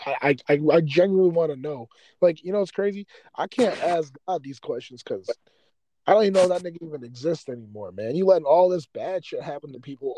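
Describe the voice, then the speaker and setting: A man's voice: fairly high pitch, lively intonation, fast, mellow, no room sound, low-quality recording. A man hosting a podcast, ranting with heavy profanity and raw emotion in a rambling, casual way. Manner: impassioned, heavily profane, rambling. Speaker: podcast host.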